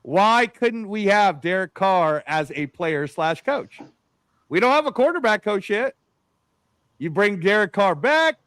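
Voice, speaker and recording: A man hosting a casual sports podcast, animated and rambling, calling people "bro" and "man". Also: sits high, unhurried, smooth, no echo. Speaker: podcast host.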